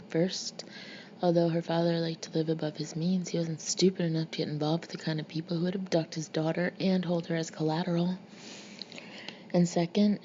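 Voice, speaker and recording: A woman reading a novel aloud in a measured, even manner. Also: fairly low pitch. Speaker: audiobook reader. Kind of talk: scripted narration. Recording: muffled lo-fi recording with faint hiss.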